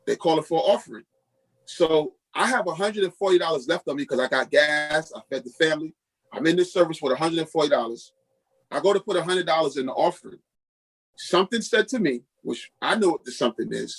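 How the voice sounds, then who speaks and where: A man's voice: a little high, husky, poor audio. A middle-aged man from Queens, a pastor and podcast guest, telling a personal testimony and acting out the voices of the people in it. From Queens, New York. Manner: lively storyteller who acts out quoted dialogue.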